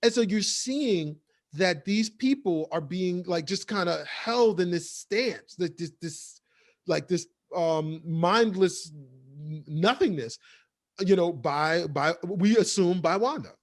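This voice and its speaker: High-voiced man rambling through a recap. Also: lively intonation, slow. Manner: rambling, filler-heavy recap. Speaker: podcast co-host. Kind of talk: casual TV episode review.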